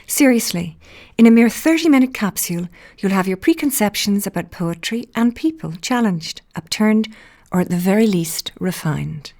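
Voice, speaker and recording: A woman's voice: mid-range voice, lively intonation, moderate pace, darkish tone, no echo, clean studio sound. A woman hosting a podcast, delivering a flowery, theatrical scripted introduction. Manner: ornate, theatrical, wordplay-loving delivery. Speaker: podcast host.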